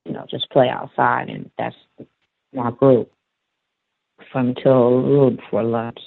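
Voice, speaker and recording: A man calling in, telling a story from his school job in a rambling, halting way with many fillers. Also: mid-range voice, no room sound. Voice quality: gravelly, husky. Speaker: caller, school aide. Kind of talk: casual storytelling. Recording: dry, tinny phone line.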